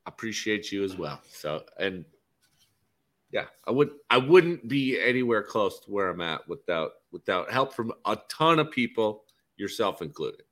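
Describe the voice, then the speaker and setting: A low-pitched man with a bright, forward edge speaks easily as a podcast guest. He is modest and relaxed, leaning on hesitant fillers as he talks. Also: a little slow. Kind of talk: casual podcast chat.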